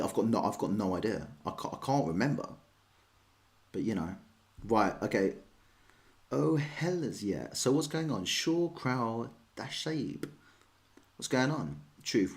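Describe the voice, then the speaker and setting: An English man streaming chess, chatting casually and rambling as he answers viewers' questions. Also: medium pitch. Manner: chatty, rambling, self-deprecating.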